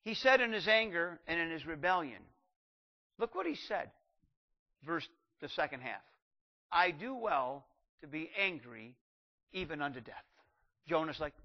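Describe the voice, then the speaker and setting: An older man preaching a sermon, animated, shouting out acted quotes and slowing down to read scripture. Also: fairly high pitch, lo-fi sound.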